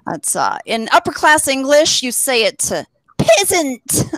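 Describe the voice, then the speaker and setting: A woman from Texas doing a live stand-up set, self-mocking with deadpan asides and laughing at her own jokes. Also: high-pitched, a little slow, slight background noise. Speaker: stand-up comedian. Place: studio stage with live audience.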